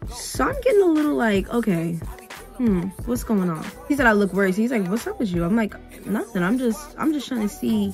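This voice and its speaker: A woman's voice: medium pitch, brisk, faint music behind. A young adult woman vlogger telling a dramatic storytime while getting ready, casual and slangy, acting out the people she quotes. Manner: animated, dramatic retelling with quoted voices.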